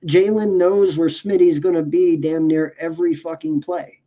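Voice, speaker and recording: A man's voice: on the high side, steady tone, normal speed, warm tone. A man talking sports casually as a podcast co-host, emphatic and profane, often restarting his sentences.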